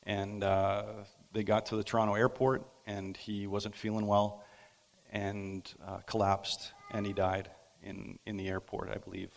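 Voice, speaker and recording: A man preaching a sermon as a pastor, telling a story in a halting, unhurried way with frequent pauses. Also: lowish voice, monotone, vocal fry. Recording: long hall reverb.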